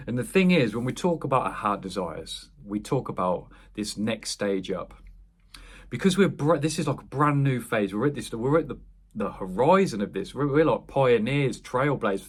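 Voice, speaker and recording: A young man with a husky, breathy voice talks through a spiritual motivational monologue. His delivery is earnest and meandering, with frequent restarts and self-corrections. His pitch sits in a middle range for a man. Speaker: wellness coach.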